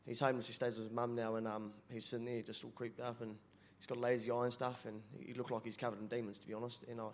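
A man's voice: mid-range voice, level tone, fast talker, few pauses, slight background noise. A man from the congregation, telling a story in a chatty, laughing way. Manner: chatty, laughing, says brother a lot. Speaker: church member asking a question. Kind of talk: casual storytelling.

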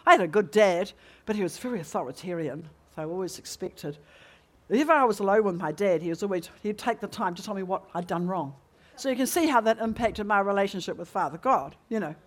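A woman's voice: medium pitch, brisk. Woman preaching a personal testimony. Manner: animated, personal storytelling with rhetorical questions. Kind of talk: sermon testimony.

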